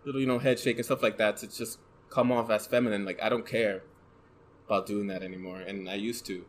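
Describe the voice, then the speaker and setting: Soft-voiced, hesitant lower-pitched man. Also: steady tone, brisk. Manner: hesitant, many fillers and restarts. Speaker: guest, photographer and content creator. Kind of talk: casual conversation.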